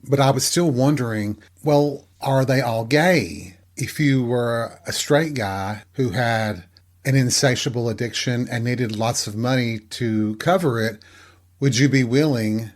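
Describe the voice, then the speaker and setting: A man's voice: medium pitch, measured pace. A middle-aged man hosting his own show, telling a candid personal story in a self-deprecating, conversational way. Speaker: podcast host.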